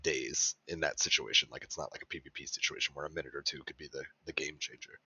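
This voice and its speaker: A man explaining game details quickly during a casual chat. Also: extremely low pitch, fairly even intonation, vocal fry, bright, forceful tone, breathy edge. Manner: rapid, explanatory. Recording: dull dry lo-fi mic.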